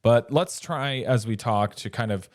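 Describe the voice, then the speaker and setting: A man's voice: mid-range voice, measured pace, dry recording, clean studio sound. A man co-hosting a casual film podcast, rambling through the plot with self-interruptions and chuckling asides. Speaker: podcast co-host.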